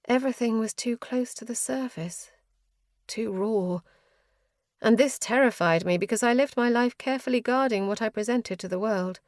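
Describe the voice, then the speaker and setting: A woman's voice: fairly high pitch, moderate pace, dry recording. Woman narrating a fantasy audiobook, dry and close.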